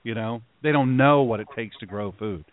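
A man hosting a political talk show, ranting in heated, animated bursts and mocking others. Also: mid-range voice, moderate pace. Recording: tinny phone-like line.

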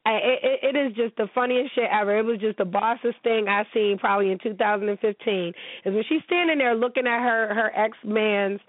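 Woman talk-show host, casual profane commentary, slightly high voice, tinny and dry. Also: a little fast, few pauses, no room sound. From United States. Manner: blunt, profane and animated.

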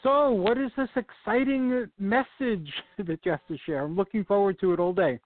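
A man's voice: high-pitched, moderate pace. A man hosting a spiritual talk radio show, who greets and introduces his guests with formal enthusiasm. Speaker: radio host. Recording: tinny phone line with hiss.

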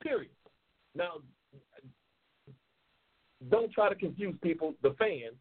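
Man, talk show host from New York City, husky higher voice, loud, profane, emphatic, tinny phone-like sound. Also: animated, slow pace. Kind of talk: profane live show talk, reading viewer comments.

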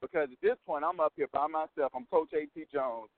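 Lively coach guy telling a story, kinda high voice, tinny phone line sound. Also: fairly quick, dry recording. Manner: emphatic, repeats points and checks in with "right?". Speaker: motivational coach and guest. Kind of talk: animated storytelling interview.

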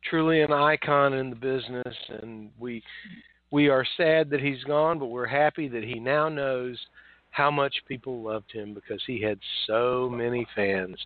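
A man's voice: mid-range voice, a little slow, dry recording. A man hosting a casual talk radio show, often stumbling and restarting his sentences. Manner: warm, repetitive, stumbling restarts. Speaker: host. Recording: dry, tinny phone-line sound.

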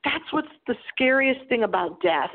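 Woman in her 40s, radio host, dramatic delivery, slightly high voice, thin phone-like sound. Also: animated, moderate pace. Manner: dramatic, breathy storytelling delivery. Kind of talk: dramatic paranormal radio monologue. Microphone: small microphone. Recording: tinny phone-like audio.

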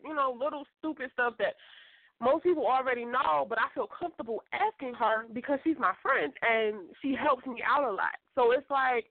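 A woman guest author telling a story in a casual, animated way, laughing and acting out what others said. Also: sits high, normal speed, dry recording. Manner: animated, laughing, acts out quoted voices. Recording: tinny phone line.

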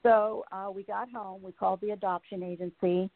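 A woman's voice: medium pitch, steady tone, normal speed, no echo. Earnest woman on a tinny phone line. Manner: earnest, heartfelt storyteller. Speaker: guest. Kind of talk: reading her personal story aloud, then chatting.

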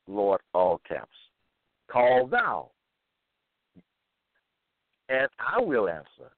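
Slow, deliberate man on a tinny line. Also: mid-range voice, no echo. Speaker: monologue speaker. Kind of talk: reading scripture with commentary. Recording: tinny phone-like line, dry.

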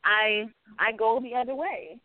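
A woman with a Southern US accent, chatting as a guest on a talk show and telling stories in an animated, drawling way. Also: on the high side, measured pace, dry recording. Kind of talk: casual chat. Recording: dry, phone-like sound.

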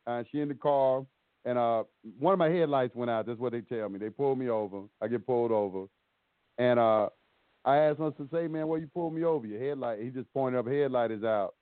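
A man's voice: mid-range voice, brisk, no echo. A man telling stories casually on a call-in show, acting out both sides of the dialogue. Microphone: phone call. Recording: tinny dry phone line.

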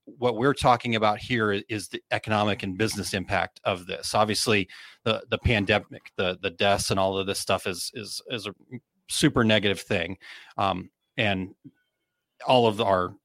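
Midwestern male host, lowish voice, loose and chatty, dry close recording. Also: steady tone, normal speed, fairly bright tone, dry recording. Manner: chatty, frequent fillers and restarts. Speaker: podcast host. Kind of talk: casual chat, reading listener comments.

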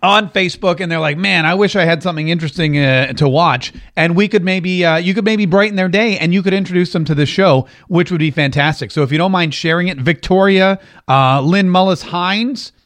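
A man's voice: high-pitched, fairly quick, fairly bright tone. A man hosting his own show, chatting casually and rambling to viewers, often restarting his sentences. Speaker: show host. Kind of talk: casual live-stream chat.

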